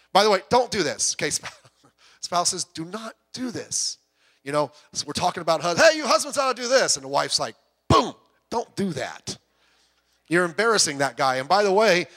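A middle-aged man preaching a sermon in a church, talking in a conversational, animated way with stories and asides. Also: a little high. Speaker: associate pastor. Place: church sanctuary with speakers.

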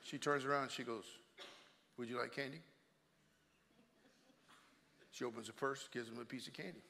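An older man preaching a sermon in a church, moving between hushed storytelling and loud exhortation. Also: medium pitch, steady tone, fast, creaky, in a large hall, a little hiss or hum.

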